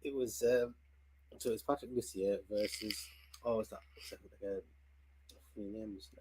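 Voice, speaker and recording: A man co-hosting a livestream in casual chat, answering in a low-key, dry way. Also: steady tone, a little slow, noisy background. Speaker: livestream co-host.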